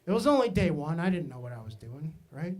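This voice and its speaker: A man from Maine telling stand-up comedy stories, animated and self-mocking, with asides to the audience. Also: a little high, fairly quick. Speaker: stand-up comic.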